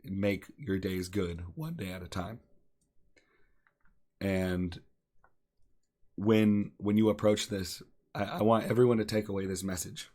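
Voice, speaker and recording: A young man with a very low, deep voice speaks earnestly on a podcast. He encourages his listeners and repeats phrases to drive his point home. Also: measured pace, pauses often, darkish tone. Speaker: podcast co-host. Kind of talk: earnest casual talk.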